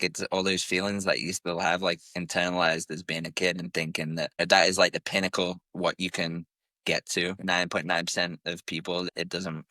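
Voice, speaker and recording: A man with a deep voice and a bright, sharp tone in a dry, close recording. He talks candidly and rambles in casual podcast chat, with "like" in almost every sentence. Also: dry recording. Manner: rambling and candid, heavy use of "like". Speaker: podcast co-host.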